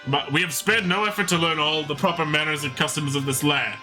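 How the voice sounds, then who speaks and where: A man voicing a solemn, loyal commander from a fantasy game, grave and measured. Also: a little high, pushed and bright, faint music behind, rough recording.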